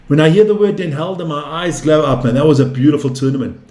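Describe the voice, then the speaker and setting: A man in his fifties gives casual live darts commentary, calling out scores between loose banter with viewers. His voice sits fairly high for a man. The sound is roomy, with a noticeable echo. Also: steady tone, fast talker, a little mellow. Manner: chatty, calls scores and answers viewer chat. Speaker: darts commentator and stream host.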